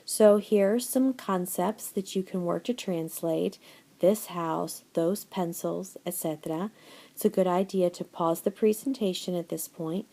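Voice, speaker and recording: A middle-aged woman teaches a recorded Spanish lesson over slides, patient and encouraging. Her voice sits a little low, with a mellow, gravelly edge. She reads answer lists slowly and deliberately, slipping Spanish phrases into her English.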